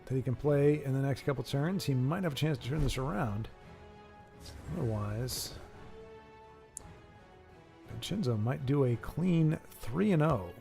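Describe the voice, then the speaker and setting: A man's voice: mid-range voice, animated, a little slow, gravelly, long pauses, warm tone, soft background music. Rambling man casting a card game. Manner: rambling, self-deprecating, joking. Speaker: streamer and caster. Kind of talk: casual live-stream commentary.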